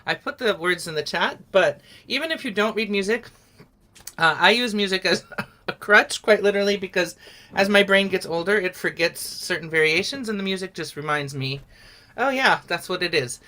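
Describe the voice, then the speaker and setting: Bright-voiced woman leading a singing lesson. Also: mid-range voice, animated, moderate pace. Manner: patient, encouraging, explains step by step. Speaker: song leader. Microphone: video call.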